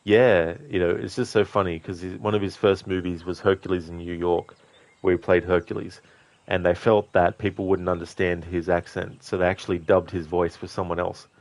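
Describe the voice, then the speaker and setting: A low-voiced man with an Australian accent gives casual gameplay commentary as a streamer. He talks in a relaxed, chatty way, full of "you know" fillers as he answers chat. The sound is dry and close, with no room around him. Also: moderate pace, dry recording. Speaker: gaming streamer.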